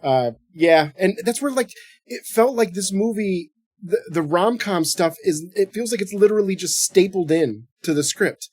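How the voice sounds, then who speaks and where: A man's voice: sits high, animated, normal speed, darkish tone, slightly rough, dry recording, clean studio sound. A man co-hosting a podcast in casual movie chat, jokey and swearing freely. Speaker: podcast co-host.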